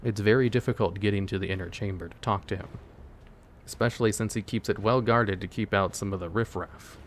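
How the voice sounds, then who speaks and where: A man voicing a kindly but firm old man who gives calm, matter-of-fact advice. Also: on the low side, brisk, slight background noise, close to an everyday voice. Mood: earnest.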